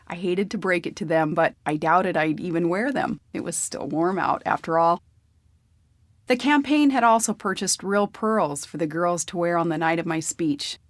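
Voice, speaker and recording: A woman's voice: medium pitch, dry recording, studio quality. A woman narrating a memoir audiobook in a plain, conversational storytelling manner.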